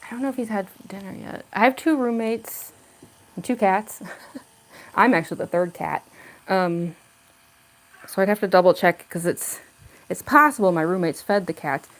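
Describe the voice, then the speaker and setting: A woman's voice: medium pitch, normal speed, pauses often, rough recording. Young woman, casual livestream chat from home, giggly and chatty, camera on a tripod. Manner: giggly, chatty, coos baby talk to her cat. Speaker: livestreaming cosplayer. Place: home room.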